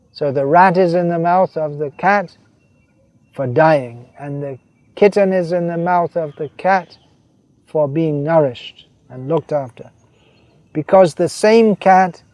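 A man giving a devotional sermon, reading quotations and explaining them, slowing down to stress key phrases. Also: fairly high pitch, darkish tone, dry recording. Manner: voices quoted figures, slows to stress key phrases. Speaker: preacher.

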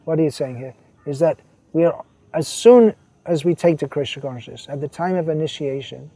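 A man giving a devotional sermon, reading quotations and explaining them, slowing down to stress key phrases. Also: a little high, dark tone, husky, dry recording. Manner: voices quoted figures, slows to stress key phrases. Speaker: preacher.

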